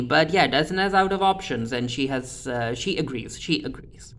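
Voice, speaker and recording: A man's voice: mid-range voice, expressive, normal speed, a bit bright. A man giving a casual, chatty recap of a TV episode, often restarting with "uh" fillers. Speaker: TV recap reviewer.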